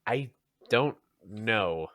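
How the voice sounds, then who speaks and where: Rambling, laughing podcast co-host. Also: male voice, on the low side, lively intonation, drawn-out words, crowd noise. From North Jersey, USA. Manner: rambling, laughs between thoughts. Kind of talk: casual chat.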